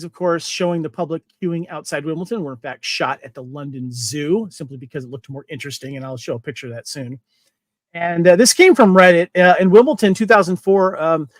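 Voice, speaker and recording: A chatty man hosts a relaxed movie podcast, his voice sitting high for a man. He reads trivia aloud and laughs easily, and the sound is dry and close with no room around it. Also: no room sound. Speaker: podcast host. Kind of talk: casual movie podcast chat.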